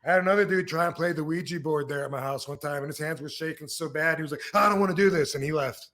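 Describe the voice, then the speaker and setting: A man's voice: fairly high pitch, fairly even intonation, fast talker, a bit bright. A man in his fifties from Michigan hosting a podcast, telling stories casually with many restarts and fillers. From Michigan, USA. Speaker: podcast host. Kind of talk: casual storytelling.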